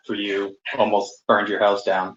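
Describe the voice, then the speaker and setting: A man casually recalling a funny gift memory, hesitant at first, then quick. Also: lowish voice, completely flat delivery, fairly bright tone. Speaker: family friend sharing a memory. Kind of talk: casual storytelling. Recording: echoey room, dull sound.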